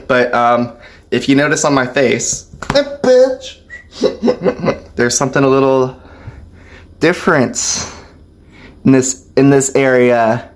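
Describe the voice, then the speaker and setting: A man vlogging a casual storytime, chatty and loose, laughing softly between phrases. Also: medium pitch. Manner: loose, filler-heavy talk.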